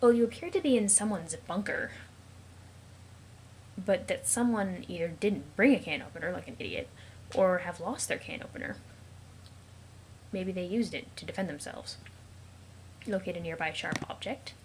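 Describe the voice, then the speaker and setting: A woman's voice: fairly low pitch, normal speed, long pauses, low-quality recording. Casual female host reading comic text, mock-dramatic, jokey asides, light background noise. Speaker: let's play host reading a web comic.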